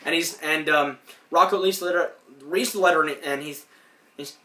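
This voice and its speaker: Bright-voiced man recapping a cartoon. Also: fairly high pitch, moderate pace, reverberant, distant mic. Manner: rambling, acts out lines in put-on voices. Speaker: podcast host. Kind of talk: casual recap of a cartoon episode.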